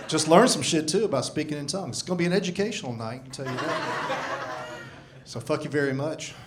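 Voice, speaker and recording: A man's voice: fairly high pitch, background noise. A man in his sixties doing a profane, self-deprecating stand-up set into a handheld microphone on a comedy club stage. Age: 60s. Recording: live comedy club with audience laughter.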